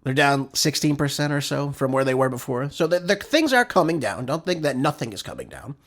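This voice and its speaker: A man's voice: medium pitch, sing-song, fairly quick, a bit bright. A man hosting a political show, delivering an emphatic commentary monologue full of rhetorical questions and heated asides.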